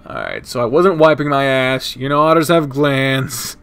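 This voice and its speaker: A man's voice: mid-range voice, normal speed, gravelly, hardly any pauses, a bit bright, smooth. Casual swearing male streamer reading aloud. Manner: casual, swears, chats with viewers between read lines. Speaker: streamer playing a visual novel. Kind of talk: live stream chat and reading game text aloud.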